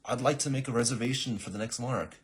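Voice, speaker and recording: A man's voice: mid-range voice, quick pace, husky, pitched above the performer's own voice. A man voicing an earnest male assassin who speaks with theatrical pleading.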